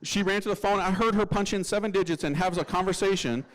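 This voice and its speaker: A man who is a Catholic priest, telling a humorous testimony in a lively, slangy way and acting out the voices of people in his story. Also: high voice, fast, poor audio.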